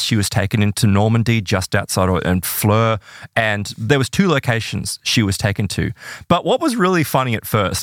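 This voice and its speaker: A man in relaxed conversation, recounting a case with lively, swooping intonation. He jumps into the voices of the people he quotes. The sound is dry and close. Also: no echo. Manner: animated, acts out quoted voices with big pitch jumps. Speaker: podcast guest telling case stories. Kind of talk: casual storytelling conversation.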